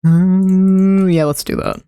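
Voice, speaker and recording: A streamer talks through a game in a slow, unhurried way, thinking aloud and muttering to themself. The voice sits at a middling pitch, and the commentary is loose and casual. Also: fairly even intonation, warm tone, clean tone, dry recording, clean studio sound.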